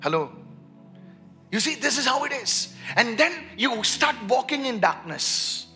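A man preaching a sermon as pastor, leading the congregation in call-and-response and swinging from hushed lines to shouts. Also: very high-pitched, very animated, measured pace, soft background music. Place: church.

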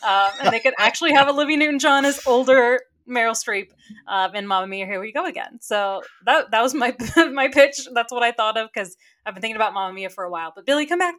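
A woman's voice: on the high side, lively intonation, quick pace, a bit bright. Enthusiastic woman co-hosting a podcast. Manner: enthusiastic, laughs often. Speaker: podcast co-host. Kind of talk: casual chat.

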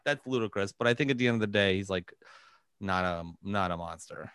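A man's voice: on the low side, a little fast, fairly bright tone, clean tone, dry recording. A man co-hosting a comedy podcast in loose, casual chat. He laughs often and mocks people with silly voices. The sound is close and dry, with no room around it. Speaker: podcast co-host.

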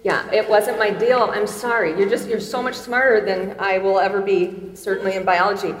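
A woman in her fifties gives a chatty, self-deprecating chapel talk in a large hall, laughing often as she shares personal stories. Her medium-pitched voice is steady, at a normal speed. The recording echoes, with long hall reverb.

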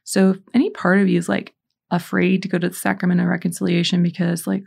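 A woman's voice: fairly low pitch, little pitch movement, a little fast, gravelly, darkish tone. A middle-aged woman hosting a Catholic podcast, talking in an earnest, encouraging, conversational way, mixing stories with teaching and prayer.

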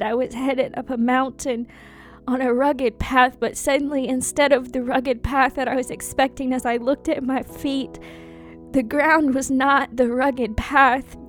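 A woman performing a first-person dramatic monologue, anguished and intense, full of pauses and repeated phrases. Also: high voice. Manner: slow, anguished and intense, with many pauses and repetitions.

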